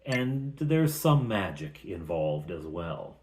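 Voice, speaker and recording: A man's voice: sits low, sing-song, slow pace, darkish tone, echoey room. A man, a game master, recapping a tabletop campaign in a chatty, casual storytelling way with conversational asides.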